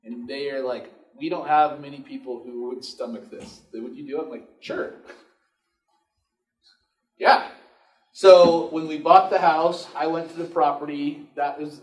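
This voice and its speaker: Workshop speaker, male, a bit high-pitched, storytelling, echoey room with a distant mic. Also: measured pace. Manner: casual storytelling, acts out dialogue. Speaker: real estate investor teaching a workshop. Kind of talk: live workshop talk to an audience. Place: room with an audience. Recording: echoey room recorded from far off.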